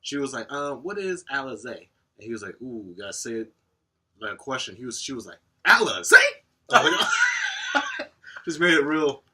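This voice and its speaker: A man co-hosting a podcast in casual chat, profane and animated, laughing often. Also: mid-range voice, brisk, a little hiss or hum. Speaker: podcast co-host.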